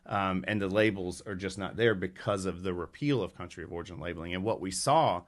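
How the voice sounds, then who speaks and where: A man with a very deep voice explains things plainly as a guest. He stays matter-of-fact but leans hard on the points he wants to land. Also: brisk. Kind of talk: explanatory interview talk.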